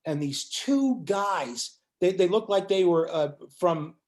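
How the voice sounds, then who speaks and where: Animated older man telling a story. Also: sits high, slow pace. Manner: animated storyteller acting out quotes. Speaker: musician guest. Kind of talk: storytelling in an interview.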